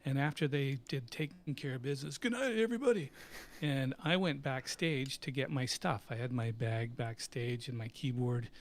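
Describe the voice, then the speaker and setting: At a moderate pace with few pauses, a medium-pitched middle-aged man, a CEO who's also a musician, tells casual stories in a live Q&A. He's animated, often laughing, and imitates the voices of people in his anecdotes.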